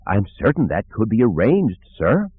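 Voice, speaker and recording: A man's voice: on the low side, huge pitch swings, normal speed, breathy edge, no echo, heavily acted. A man voicing a fussy, overly formal male protocol droid, prim and anxious. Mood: fussy, eager. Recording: narrow phone-like sound.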